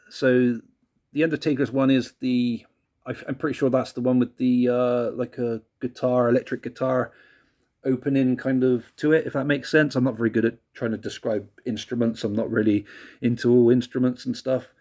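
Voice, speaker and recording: A man's voice: medium pitch, darkish tone. A man casually rambling through a CD review, self-deprecating and apologetic. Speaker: vlogger reviewing a CD.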